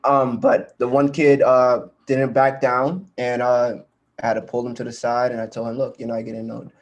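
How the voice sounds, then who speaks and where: A man's voice: mid-range voice, little pitch movement, moderate pace. A young man, co-hosting a podcast and telling a rambling, casual story full of fillers. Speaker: podcast co-host.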